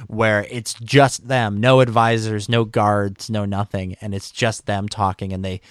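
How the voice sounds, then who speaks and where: A man's voice: fairly low pitch, flat delivery, unhurried, clean tone, no echo, clean studio sound. A man co-hosting a podcast in casual discussion, talking hesitantly with many fillers and restarts. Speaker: podcast co-host.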